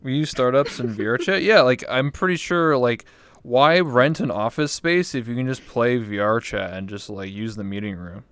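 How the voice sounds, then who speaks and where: A man's voice: medium pitch, normal speed, a bit bright, smooth, no room sound. A young man hosting a casual interview chat, rambling and emphatic with lots of fillers. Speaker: talk show host.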